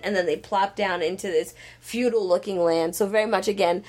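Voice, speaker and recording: A woman's voice: medium pitch, a little fast. A woman chatting casually and rambling a plot summary, full of fillers. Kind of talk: casual chat.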